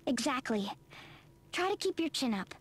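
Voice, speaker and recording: A bright, high-voiced young adventurer with a lively, teasing delivery and a sarcastic edge. She fires back at her boss without missing a beat. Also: normal speed, husky, heavily acted. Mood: gentle. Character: sharp-tongued young female adventurer. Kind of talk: video game voice acting.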